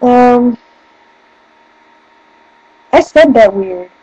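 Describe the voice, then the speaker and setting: A woman's voice: fairly high pitch, animated, drawn-out words, mellow, husky, no echo, highs cut off. A young woman with a northern US accent, chatting casually in a rambling, giggly way. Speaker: vlogger. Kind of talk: casual chat. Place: room at home by a bookshelf.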